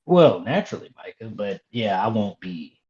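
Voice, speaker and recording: A man's voice: lowish voice, sing-song, moderate pace, darkish tone. A young man co-hosting a casual wrestling review podcast, with a dry, mocking way of talking. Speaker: podcast co-host. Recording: dull lo-fi audio.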